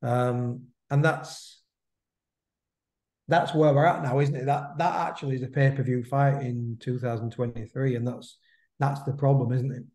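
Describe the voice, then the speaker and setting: This is a man in his fifties chatting on a podcast, his voice dark and mellow. He loops back on his phrases and tags them with "isn't it?" The sound carries a noticeable room echo. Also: mid-range voice, fairly even intonation, moderate pace. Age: 50s. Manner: chatty, repeats himself, drops in "mate" and "isn't it?" tags. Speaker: podcast co-host. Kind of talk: casual chat about boxing. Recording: roomy echo.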